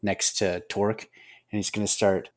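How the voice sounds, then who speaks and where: Low-voiced man player at a tabletop game. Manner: relaxed, halting with fillers. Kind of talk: casual tabletop game play.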